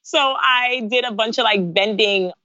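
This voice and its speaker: A woman in her thirties, a guest on an interview, telling her story in a lively way with laughing asides and acted-out lines. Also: a little high, measured pace, dry recording. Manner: animated, laughing asides, acts out her own past lines. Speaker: guest, bridal designer. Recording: dry, slightly dull sound.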